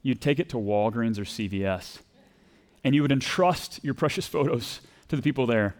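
A pastor with a Texas accent gives a conversational sermon in a mid-range voice at normal speed. He acts out the voices he quotes and asks the congregation questions.

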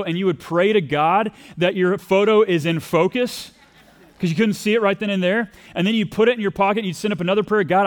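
A man with a Texas accent preaching a sermon in a conversational way, acting out quoted voices and asking the congregation questions. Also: on the high side. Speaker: pastor.

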